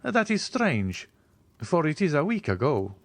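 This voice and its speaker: A man doing a calm, commanding nobleman. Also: a little high, no room sound, voice pushed up, exaggerated voice. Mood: composed. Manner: calm, measured, authoritative. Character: cool, commanding aristocratic nobleman.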